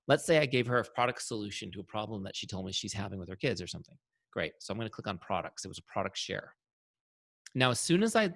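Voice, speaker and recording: A man teaching an online sales training, coaching energetically and walking through software on screen. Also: mid-range voice, no echo, clean studio sound.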